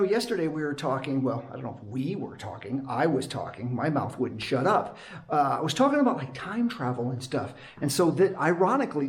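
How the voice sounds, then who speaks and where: Man, night security guard, casual vlog, rambling, high pitched, animated. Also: slight background noise. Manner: rambling, chatty, talks fast and restless. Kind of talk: casual vlog chat to camera. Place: guard booth at a gate. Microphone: action camera.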